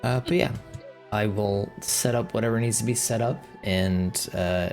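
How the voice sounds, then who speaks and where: A woman's voice: extremely low pitch, moderate pace, darkish tone, faint music behind. A woman running a tabletop game, chatting in a laid-back way and chuckling often. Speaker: game master. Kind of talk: casual chat.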